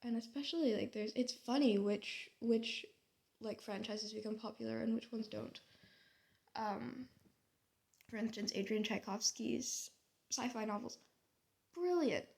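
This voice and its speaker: A young American woman talks to the camera in a loose, thinking-out-loud way, trailing off and restarting often. Her slightly high voice is thick with creaky vocal fry. It sounds like a casual artist's vlog. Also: a little slow, pauses often. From United States. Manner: rambling, thinking aloud with many fillers and restarts. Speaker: artist and vlogger. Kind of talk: casual reflective monologue.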